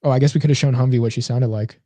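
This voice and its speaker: A man's voice: medium pitch, fairly even intonation, racing, warm tone, no room sound. A man co-hosting a casual comedy podcast, rambling with lots of fillers and restarts. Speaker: podcast co-host.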